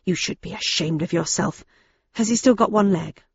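A woman reading the part of a bitter, jealous middle-aged woman who heads a convent, speaking slowly and low with grudging insults. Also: breathy edge, dry recording, highs cut off. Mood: resentful.

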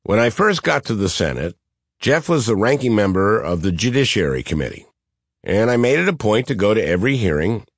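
A middle-aged man with a nasal Midwestern twang reading his own memoir as an audiobook, with dry, deadpan wit. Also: sits low, no echo. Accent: Midwestern American.

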